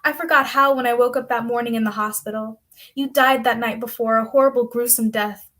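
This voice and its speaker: A woman reciting spoken-word poetry with intense, dramatic delivery. Her voice sits a little on the high side for a woman, and each line lands with deliberate weight. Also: fairly even intonation, fairly bright tone. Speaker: poet competitor.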